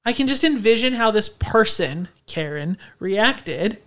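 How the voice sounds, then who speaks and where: A woman co-hosting a podcast, talking in an animated, profane way with laughing asides. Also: mid-range voice, measured pace. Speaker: podcast co-host. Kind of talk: casual chat, reading a story aloud.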